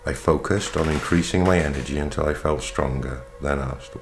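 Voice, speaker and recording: A man narrating an audiobook in the first person, with a steady, measured reading. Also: a bass voice. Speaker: audiobook reader. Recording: reading over faint background music.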